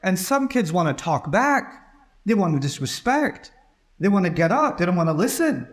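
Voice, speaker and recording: High-voiced man giving a conversational sermon. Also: sing-song, normal speed. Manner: conversational, acts out quoted dialogue. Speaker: preacher.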